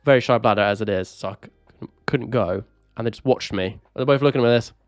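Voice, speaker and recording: A man's voice: medium pitch, fast talker, no room sound, clean studio sound, soft background music. A young man from England, co-hosting a podcast and telling rambling, self-mocking stories full of fillers. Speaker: podcast co-host. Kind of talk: casual chat.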